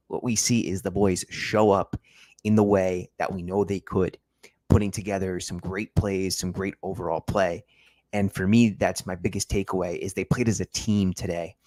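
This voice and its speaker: Young male stream host, deep voice, dry close sound, eager and chatty. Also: no room sound. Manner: enthusiastic, talks straight to viewers. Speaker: host of a football livestream. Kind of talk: casual post-match livestream talk.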